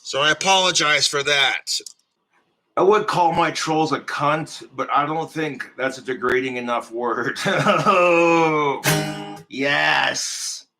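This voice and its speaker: A man's voice: a little high, slow, sharp tone, faint music behind. A man streamer delivering a crude, combative comedic rant full of swearing.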